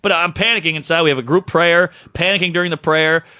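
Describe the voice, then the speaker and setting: A man, a comedian, telling a story on a podcast in an animated, profane, self-deprecating way. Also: a little high, fast.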